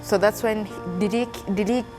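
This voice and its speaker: Woman interviewer, supportive and prompting, mid-pitched voice, heavy music bed. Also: steady tone, fairly quick. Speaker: host.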